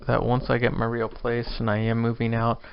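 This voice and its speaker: Hosting a casual solo podcast, this drunk twentysomething rambles and pokes fun at himself. He speaks a little fast in a creaky, mid-range voice with completely flat delivery. The highs are cut off, and there's slight background noise.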